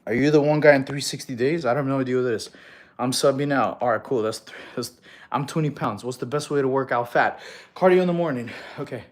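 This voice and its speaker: A man coaching fitness on a casual live stream, relaxed and laughing often as he reads chat questions aloud. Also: mid-range voice, fast.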